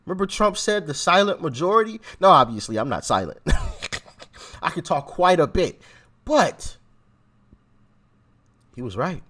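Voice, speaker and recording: A man hosting a reaction channel, commenting on clips in an excitable, teasing way. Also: fairly high pitch, measured pace, long pauses.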